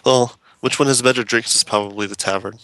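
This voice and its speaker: A man narrating a tabletop game, describing scenes and quizzing his players in an easy, relaxed way. His voice is bright at a middle pitch. The sound is dry and close to the mic. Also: a little fast, dry recording. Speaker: game master.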